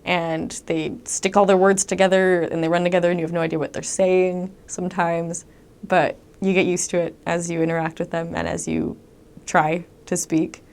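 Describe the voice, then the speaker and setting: A young woman recounts her missionary experiences in a relaxed, conversational way. Her voice sits a little low, and she peppers her talk with ums and lively quoted asides. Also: moderate pace, smooth. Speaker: returned missionary. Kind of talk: casual storytelling monologue.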